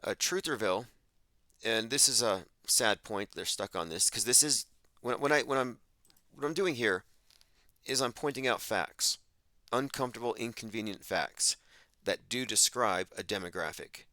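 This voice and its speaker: A man with a lowish, sharp-edged voice holds forth in a podcast monologue. He sounds emphatic and sardonic, and he mocks the people he quotes. The sound is dry and close, with no room around it. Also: normal speed, dry recording. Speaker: podcast host. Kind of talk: monologue commentary.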